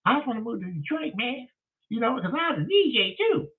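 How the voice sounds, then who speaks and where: A man putting on a squeaky, eager male caller. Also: big pitch swings, a little fast, recorded from a distance. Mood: pleading. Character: excitable adult male caller, eager and pushy. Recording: tinny phone-like sound.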